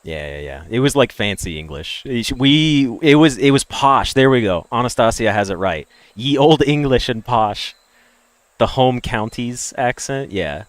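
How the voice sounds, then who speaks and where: Opinionated American streamer guy, mid-pitched voice, dry close sound, rants with loud spikes and muttered asides. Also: expressive, unhurried, dry recording. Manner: ranting, opinionated, swings between loud emphatic bursts and low mutters. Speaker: game streamer. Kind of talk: casual chat with stream viewers.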